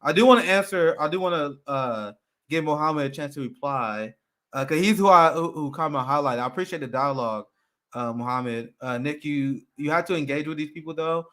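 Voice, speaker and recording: A man hosting a political panel show, talking in an animated, excited way, laughing often and repeating himself. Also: fairly high pitch, a little fast. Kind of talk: heated casual political discussion.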